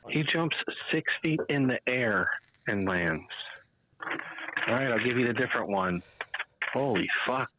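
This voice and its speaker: A man co-hosting a casual podcast, telling profane stories and loudly mimicking other people's voices. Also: medium pitch, animated, a little slow, long pauses, dull audio, a little hiss or hum. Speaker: podcast co-host. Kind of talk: casual chat.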